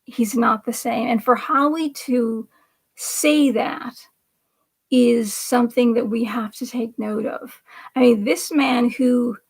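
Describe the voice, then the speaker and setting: A woman's voice: fairly high pitch, steady tone, slow, creaky, breathy edge. A woman hosting a political commentary livestream, talking in a rambling, emphatic way and now and then dropping to a whisper for effect. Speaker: livestream host.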